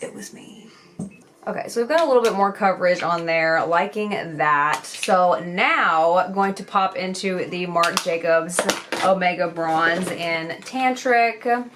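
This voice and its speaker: Chatty woman, low voice, casual swearing. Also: a little slow, noisy background. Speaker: beauty vlogger. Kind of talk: casual chat while doing makeup.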